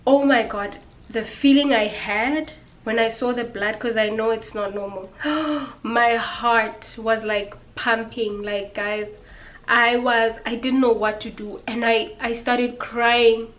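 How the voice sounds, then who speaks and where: Young female vlogger, casual and emotional, slightly high, flat delivery. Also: slow pace. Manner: emotional, candid, addresses viewers as guys. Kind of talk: casual storytelling to camera.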